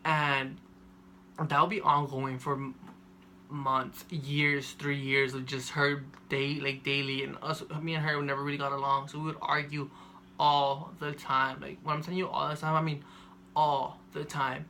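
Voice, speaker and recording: A young man telling a personal story to camera in a monotone, rambling way with lots of fillers. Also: fairly high pitch, moderate pace, slight background noise. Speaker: vlogger.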